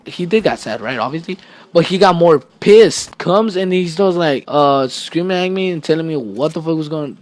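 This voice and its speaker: A teenage boy vlogger telling a story to camera in a casual, rambling way, swearing often and laughing at himself. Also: fairly high pitch.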